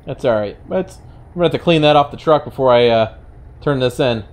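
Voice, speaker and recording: A man's voice: mid-range voice, animated, brisk, a little mellow. Wry New York man narrating gameplay. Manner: wry, chatty, mock-indignant rants. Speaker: gaming channel host. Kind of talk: casual gameplay commentary.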